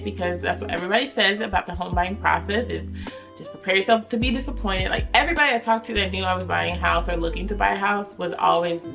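A woman vlogging casually, telling a personal story in a chatty, expressive, faith-filled way. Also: medium pitch, creaky.

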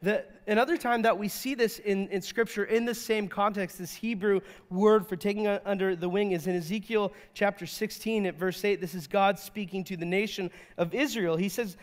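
A high-voiced man preaches from the pulpit in an animated, conversational way, often stumbling and restarting as he goes. His voice carries a long reverb, as if he is in a large church sanctuary. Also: normal speed, few pauses. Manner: animated, repeats and restarts words, acts out quotes. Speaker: pastor. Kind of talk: sermon.

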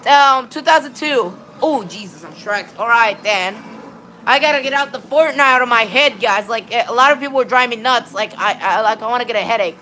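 A woman's voice: a little high, a little fast, pushed and bright, a little hiss or hum. A woman live-streaming a game, chatting to her viewers in a rambling way and greeting them by name. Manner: rambling, repeats "all right, then" and "of course". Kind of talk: casual live-stream chat while gaming.

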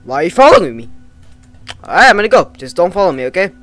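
A man giving casual, excitable let's-play commentary on a horror game, swearing, jumpy and talking back to the characters. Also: high voice, fast, soft background music. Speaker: gamer playing a horror game.

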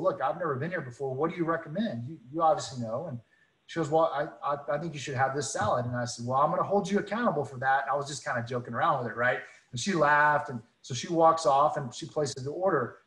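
A man's voice: a little high, fast, a bit bright, reverberant, low-quality recording. A man telling a personal faith story in an earnest, conversational way, often restarting and repeating words. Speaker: guest speaker.

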